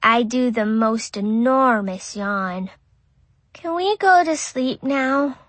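A woman's voice: on the high side, lively intonation, slow, a bit bright, no room sound. A woman voicing a curious, innocent five-year-old boy who narrates in a childlike, literal way. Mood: wondering. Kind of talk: audiobook narration.

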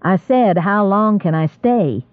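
A man's voice: on the high side, lively intonation, normal speed, no room sound, phone-quality sound. A man reading an audiobook and voicing a meek, weary young drifter.

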